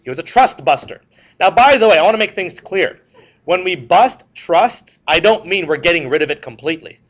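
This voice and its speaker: A man's voice: high-pitched, lively intonation, a little fast, fairly bright tone. A male history teacher giving a classroom lecture. He tells stories with jokes and puts questions to the class. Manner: joking, storytelling, asks the class questions.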